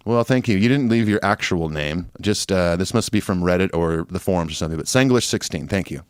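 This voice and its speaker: Laid back guy cohosting a podcast, lots of ums, low voice, dry sound. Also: brisk, clean tone, dry recording. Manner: relaxed, agreeable, with many fillers. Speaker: podcast co-host. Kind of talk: casual chat, reading listener emails.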